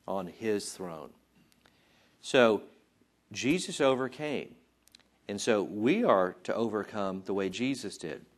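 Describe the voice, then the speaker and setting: A man teaching from the Bible in an informal sermon, chatting, acting out voices and joking about himself. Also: mid-range voice. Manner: conversational, acts out voices and jokes about himself. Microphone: taped.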